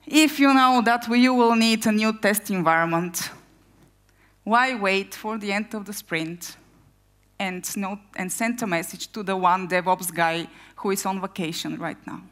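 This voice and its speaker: Woman product owner, conference talk, energetic, heavy on rhetorical questions. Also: mid-range voice, a little slow.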